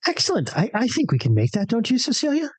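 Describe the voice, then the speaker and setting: A player voicing a flustered, polite young woman artist who stammers gratefully and excitably. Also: medium pitch, fast, no echo, pitched above the performer's own voice.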